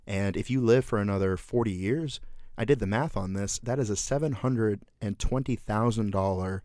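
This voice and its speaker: A man's voice: lowish voice, moderate pace, mellow, no room sound, clean studio sound. A man in his thirties, a Marine veteran hosting a podcast, telling profane stories in casual chat with lots of fillers and laughs.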